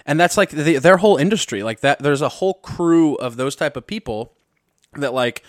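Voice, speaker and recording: A man's voice: on the high side, expressive, normal speed, no echo, clean studio sound. A young man from Missouri hosting a podcast, ranting in a casual, profane, rambling way that keeps cutting itself off with jokes. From Missouri, USA. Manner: profane, rambling, self-interrupting, jokey. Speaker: podcast host. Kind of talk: casual comedic rant. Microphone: podcast mic.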